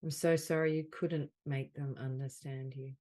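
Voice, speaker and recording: A woman leading a guided healing session as a soul mentor on a group call. She speaks in slow, soothing, repeated phrases. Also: extremely low pitch, fairly even intonation, mellow. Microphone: video call.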